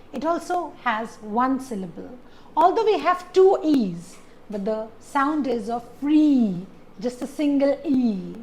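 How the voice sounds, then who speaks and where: A woman teaching pronunciation in a video lesson, speaking deliberately and stressing syllables as she demonstrates words. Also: a little high, a little hiss or hum, poor audio. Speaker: English test tutor.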